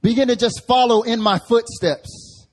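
A preacher voicing God, firm and commanding. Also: male voice, very high voice, moderate pace, a little mellow, voice pushed up. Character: God calling a man to rise, commanding.

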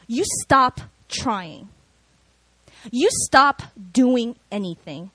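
A woman preaching a sermon, telling personal stories in an animated, conversational way with lots of fillers. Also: fairly high pitch, extremely slow, dry recording.

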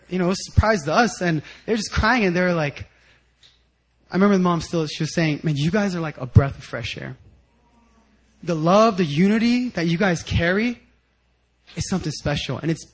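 A man preaching a sermon with personal stories, animated, sometimes shouting out quotes and laughing as he tells them. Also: a little high, low-quality recording. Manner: animated storytelling, acts out quotes loudly and laughs. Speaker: guest speaker at a church service.

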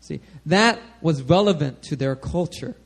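A man preaching a sermon to a congregation, animated and conversational, often checking in with "all right?". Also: on the high side, unhurried, vocal fry. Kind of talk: sermon teaching.

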